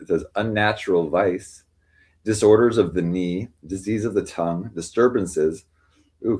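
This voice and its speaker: A man's voice: deep voice, a little mellow, rough recording. A man hosting a casual livestream from home, reading tarot-style cards aloud in a rambling way with lots of fillers. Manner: rambling, filler-heavy, reads lists aloud.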